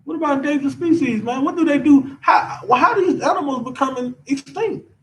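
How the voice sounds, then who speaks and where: A man teaching a class in an animated lecture, ranting, constantly checking in with his listeners and tacking "man" onto his sentences. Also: extremely high pitch, fairly quick, far from the mic, a little hiss or hum, rough recording. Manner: ranting, keeps asking the audience, says "man" a lot.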